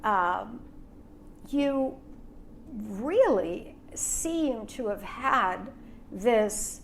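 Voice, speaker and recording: A woman hosting an onstage interview with authors, asking measured, reflective questions. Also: on the high side, animated, a little hiss or hum. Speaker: host, interviewer. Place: small event room.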